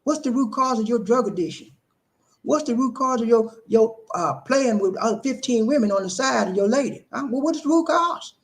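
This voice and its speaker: A man's voice: very high-pitched, lively intonation, fairly quick. A man, hosting an emphatic, preachy monologue on relationships, full of repetition and rhetorical questions. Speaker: relationship talk host.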